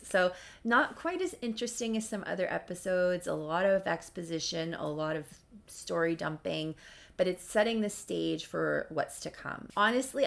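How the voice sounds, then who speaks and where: Casual woman storyteller, low and gravelly, chatty, playful asides to listeners. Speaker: author and storyteller.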